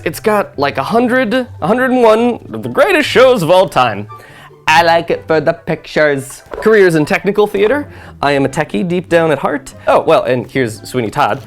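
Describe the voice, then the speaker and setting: Animated young adult vlogger, lively pitch. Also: moderate pace, soft background music. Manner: rambling, animated, chatty asides. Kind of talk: casual chat. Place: home, beside a bookcase.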